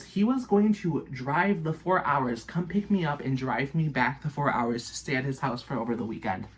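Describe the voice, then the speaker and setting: Animated, swearing woman telling a story. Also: very deep voice, moderate pace, few pauses. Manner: animated, heavy swearing, breathless retelling. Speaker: storytime vlogger. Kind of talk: casual storytelling to camera.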